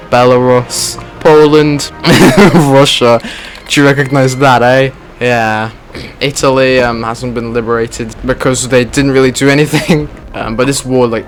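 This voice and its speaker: A man giving casual, joking gameplay commentary in a slangy way, calling people "dude". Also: medium pitch. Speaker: gaming video creator.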